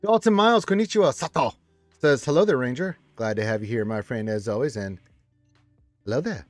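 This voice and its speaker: A man's voice: mid-range voice, expressive, fairly quick, dry recording, soft background music. Man hosting a casual live stream. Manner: reads viewer comments aloud and chats back. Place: room with a wall of action figures.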